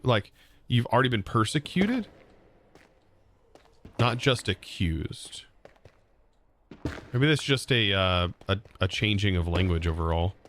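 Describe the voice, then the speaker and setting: A man streaming a modded building game, chatting loosely with his viewers and rambling about words while he plays. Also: on the low side. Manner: rambling, chatty, talks to his chat between game tasks. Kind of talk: casual live-stream chat while playing.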